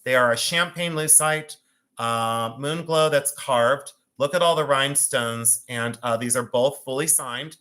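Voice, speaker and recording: A man hosting a live jewelry and art sale stream, talking in a chatty, excitable way with self-mocking banter from a room at home. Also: mid-range voice, unhurried. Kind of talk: live-stream selling chat.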